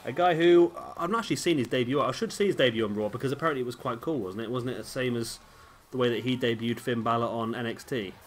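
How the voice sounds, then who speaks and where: A man's voice: medium pitch, fast talker. Male game commentator, everyday mid-range voice, chatty and musing, faint hiss behind. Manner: rambling, self-questioning, chatty. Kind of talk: casual play-by-play commentary.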